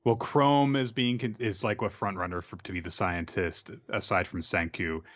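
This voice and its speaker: A man's voice: fairly low pitch, fairly even intonation, normal speed, fairly bright tone, no echo, dull audio. A man co-hosting a casual chat who muses aloud and hedges often with fillers. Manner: rambling, hedging with fillers. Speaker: podcast co-host.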